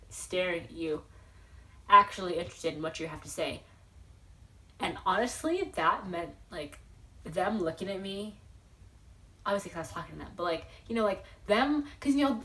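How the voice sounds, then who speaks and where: A young woman vlogger with a lowish voice tells an excited storytime, rambling and giggling, packed with fillers and restarts.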